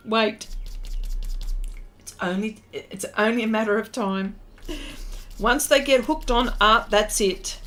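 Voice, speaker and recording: A woman's voice: medium pitch, a bit bright. A middle-aged Australian woman hosting an art livestream, chatting casually and laughing often while reading out viewer comments.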